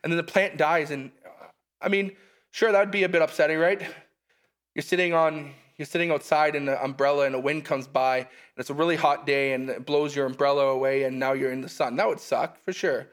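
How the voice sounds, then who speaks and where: A man with a high voice preaching in a relaxed, conversational way. He reads the scripture aloud, then stops to explain it in everyday terms, with a few asides. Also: brisk. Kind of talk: casual sermon reading scripture.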